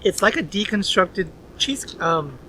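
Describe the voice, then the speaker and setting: A woman's voice: mid-range voice, animated, measured pace, pushed and bright, a little hiss or hum, poor audio. A woman co-host joking and giggling during a casual food tasting.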